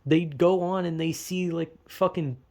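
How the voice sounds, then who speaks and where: A man's voice: high voice, steady tone, measured pace, warm tone. A young man giving a rambling, profane casual commentary, often stumbling and restarting. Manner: profane, rambling, self-interrupting with laughs. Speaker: video essayist.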